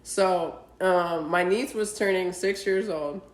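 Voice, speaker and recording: A woman's voice: fairly low pitch, slow pace. A woman in her thirties, co-hosting a podcast, chatting casually and telling stories with lots of laughs. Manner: animated storytelling, laughs often. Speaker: podcast co-host. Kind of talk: casual chat. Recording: echoey room.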